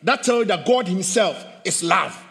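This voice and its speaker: A man preaching a sermon as pastor, animated, swinging between loud bursts and hushed asides. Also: high-pitched, moderate pace, gravelly, long reverb tail. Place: church hall.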